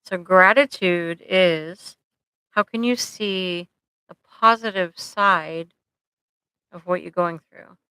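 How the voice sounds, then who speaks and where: A woman's voice: on the low side, bright, forceful tone, smooth, no room sound, poor audio. A woman therapist hosting a live support stream. She talks casually and conversationally, with frequent "like" and "right?" tags, and speaks straight to her viewers. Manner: directly addresses viewers. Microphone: computer microphone.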